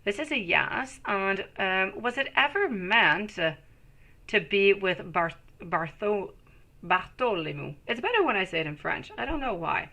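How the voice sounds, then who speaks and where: Woman, tarot reader, live stream, bright tone, reassuring, affectionate. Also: mid-range voice, sing-song, normal speed. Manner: reassuring, calls viewers sweetie.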